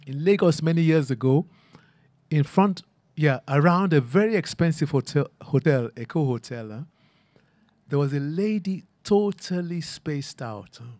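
This photographer's voice is fairly high and expressive, with a darkish tone, normal speed, and no echo. Speaking at an artist talk held at a garden event, he reflects conversationally, thinking out loud and frequently tacking a quizzical "huh?" onto his phrases.

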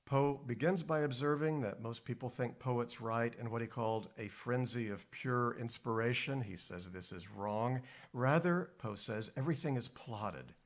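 A man giving a measured, deliberate scripted lecture as a music historian, with emphatic stresses. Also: medium pitch.

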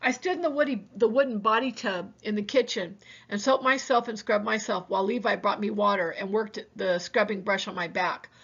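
A woman, a teacher, reading a novel aloud for her students in a plain, unhurried way, with small slips she corrects. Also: medium pitch, fairly bright tone, husky, lo-fi sound.

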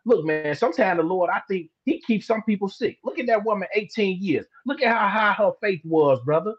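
Husky high-voiced man preaching casually. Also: lively intonation, fairly quick. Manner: colloquial, emphatic, drawls words for stress. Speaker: teacher in a Bible discussion broadcast. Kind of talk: casual preaching in a live streamed Bible discussion. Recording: dull lo-fi live stream audio.

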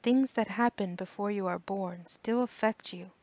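Woman reading as a gentle elderly widow. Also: medium pitch, moderate pace, close to an everyday voice. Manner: soft, patient and kindly.

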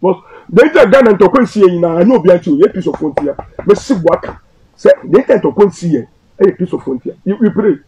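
A pastor talking in a casual interview, animated and mixing in English phrases. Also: male voice, high-pitched, fast, highs cut off.

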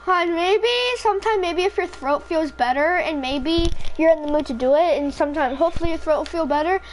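A woman's voice: extremely high pitch, brisk, slight background noise. A woman casually commentating her own gameplay, rambling, swearing freely and joking about how tired she is. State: tired, throat feels off.

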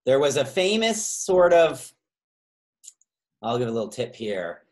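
A man hosting a trivia quiz over a video call, reading out multiple-choice options slowly and drawing out the key words, with chatty asides and quick self-corrections. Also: mid-range voice, very animated, darkish tone. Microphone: video call microphone.

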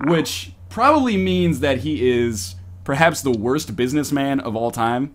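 A man's voice: mid-range voice, animated, moderate pace, hardly any pauses. A man hosting a casual podcast, reading a choose-your-own-adventure story aloud to friends in a playful, mock-dramatic way. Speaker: podcast host.

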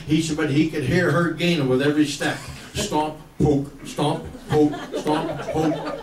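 A man's voice: fairly high pitch, unhurried, far from the mic, crowd noise. Folksy country storyteller man, roomy sound. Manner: folksy drawl with country slang, laughing through his lines. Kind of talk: stand-up comic storytelling. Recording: roomy, from off the mic.

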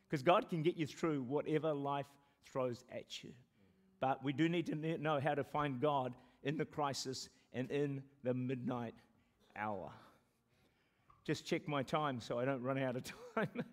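A man with a New Zealand accent preaching a sermon to a congregation, animated, joking and laughing between points, and slowing right down to pray. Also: on the high side. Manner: pleading slowly when quoting prayers. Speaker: pastor. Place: church service with a congregation.

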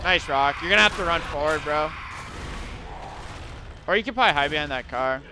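A young man with a somewhat high voice calling out plays to his teammates during a live game stream. He barks quick countdowns and orders, swears freely and talks in slang. Game noise and sounds clatter clearly behind him. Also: lively intonation. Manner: rapid shouted callouts and countdowns, swearing, slangy. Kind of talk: live gameplay commentary to teammates.

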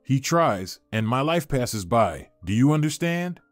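A man's voice: medium pitch, big pitch swings, measured pace, dry recording, soft background music. A man reading as a cold, blunt young fiancée. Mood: defiant. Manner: harsh, indifferent, blunt. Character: cold, self-serving young woman, fiancée.

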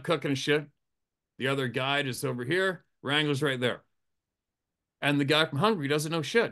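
A man who works as a hunting guide, telling a profane, animated campfire story, laughing often and acting out the quotes in a raised voice. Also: mid-range voice. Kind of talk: casual storytelling. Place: campfire outdoors.

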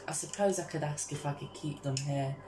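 A woman giving casual gameplay commentary as a vlogger, excitable and constantly calling out to her viewers. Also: low voice, brisk, reverberant, background noise. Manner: excitable, keeps addressing viewers as guys. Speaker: gaming vlogger.

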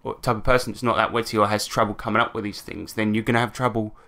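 A man's voice: on the low side, little pitch movement, rapid-fire, creaky, bright, forceful tone. A British man co-hosting a podcast, chatting casually and rambling, swearing now and then. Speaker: podcast co-host. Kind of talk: casual chat.

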